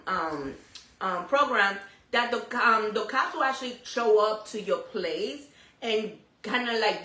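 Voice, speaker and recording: A woman co-hosting a casual talk show, a mother who talks loudly and animatedly and drops in Spanish phrases. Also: mid-range voice, reverberant, low-quality recording. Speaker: co-host. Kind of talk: casual chat.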